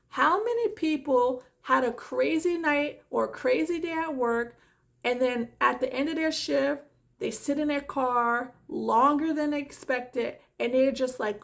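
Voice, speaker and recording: A woman's voice: high voice, gravelly. A woman who works as a nurse, talking in a casual vlog, exasperated and emphatic.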